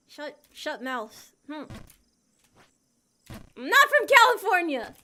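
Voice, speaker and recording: A young woman VTuber streams a game, chatting casually and playfully reading and answering her viewers' messages. Her high-pitched voice is animated, pushed and bright, unhurried in pace, with slight background noise.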